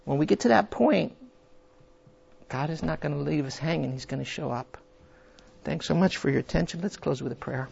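A man's voice: a little high, fairly quick, creaky, poor audio. A middle-aged man leading a Bible study, who acts out quoted prayers in a raised, emphatic voice. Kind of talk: interactive Bible teaching.

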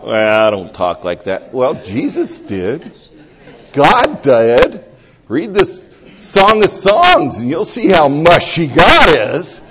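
Middle-aged guy preaching, kinda high voice, goes from whispery prayer to loud and excited. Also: background noise. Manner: animated, swings from hushed prayer to loud high exclamations. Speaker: pastor. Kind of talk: sermon.

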